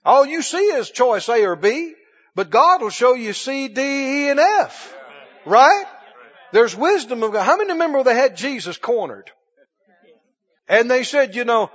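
A man with a high, bright-pitched voice preaches a sermon, pressing his congregation with rhetorical questions and emphatic calls. His voice rings out with a long echo through a church sanctuary. The recording sounds dull and muffled. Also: big pitch swings, unhurried.

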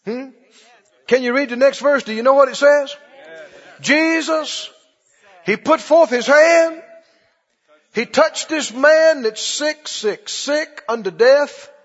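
A male preacher giving an animated, emphatic sermon, repeating lines for stress. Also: very high voice, slow, long pauses. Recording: dull lo-fi recording with long hall reverb.

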